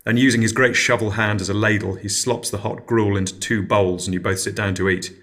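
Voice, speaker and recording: A man's voice: lowish voice, fairly even intonation, fairly quick, fairly bright tone. A man hosting an absurdist comedy podcast, narrating in a mild, hesitant, dry way. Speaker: podcast host.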